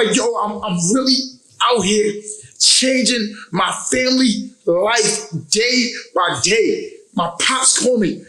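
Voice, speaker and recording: A man's voice: high-pitched, unhurried, pushed and bright, echoey room, rough recording. A young adult man, a recording artist as interview guest, talking casually and emotionally, often repeating his phrases.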